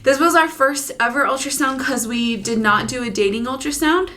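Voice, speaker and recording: A woman's voice: sits high, a little fast, few pauses, bright, forceful tone, a little hiss or hum. A young woman chatting casually in a pregnancy vlog from her living room floor, rambling with lots of "like" and sounding a bit out of breath. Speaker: vlogger.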